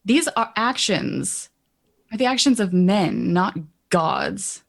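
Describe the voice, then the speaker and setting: A woman's voice: mid-range voice, sing-song, slow pace, vocal fry, full character voice. A woman voicing a young noblewoman who confronts her king plainly, close to her own voice. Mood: hurt.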